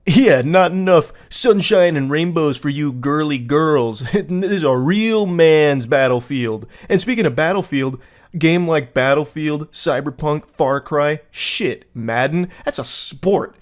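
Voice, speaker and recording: A man putting on a smug sneering young gamer guy. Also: lively intonation. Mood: swaggering. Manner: high, sneering, drawn-out mockery. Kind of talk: mocking read-aloud of text messages.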